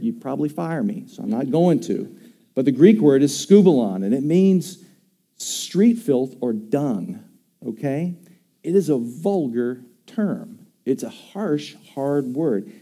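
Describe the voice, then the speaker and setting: A man's voice: fairly high pitch, lively intonation, unhurried, mellow. A man preaching a sermon on scripture, talking with emphasis and asking his listeners questions. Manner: conversational, emphatic, asks the congregation questions. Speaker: pastor.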